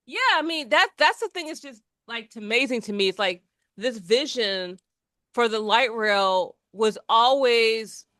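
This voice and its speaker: A woman's voice: a little high, lively intonation, measured pace, fairly bright tone, dry recording, studio quality. A woman co-hosting a podcast, rambling in casual chat with lots of restarts and fillers. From New Jersey. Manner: rambling, many restarts and fillers, laughs often. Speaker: podcast co-host.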